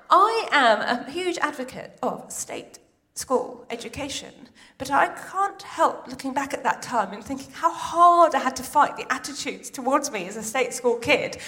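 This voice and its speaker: Casting: high-pitched woman, forties, bubbly stand-up comic working a theatre crowd. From Iran. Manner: excitable, quick asides to the crowd. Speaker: stand-up comedian. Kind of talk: live stand-up set. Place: large theatre stage.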